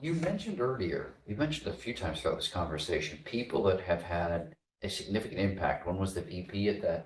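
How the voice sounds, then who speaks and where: A man hosting an interview, asking measured, thoughtful questions. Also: low voice, expressive. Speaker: interview host. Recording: roomy sound, distant mic, faint noise.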